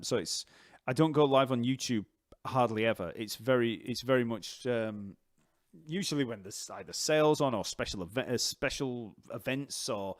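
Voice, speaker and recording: Croaky-voiced man chatting on a live stream. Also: mid-range voice, no echo, studio quality. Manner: rambling, many fillers and restarts. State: voice going croaky. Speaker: bass teacher.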